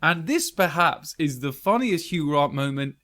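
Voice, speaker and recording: A man's voice: on the high side, expressive, moderate pace, sharp tone. Enthusiastic British man, podcast host. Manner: enthusiastic, laughs often. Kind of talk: casual film chat.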